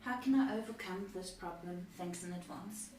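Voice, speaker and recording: A woman co-host reading viewers' questions aloud in an even, quiet way. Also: medium pitch, normal speed, faint music behind. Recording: very echoey, distant from mic, faint noise.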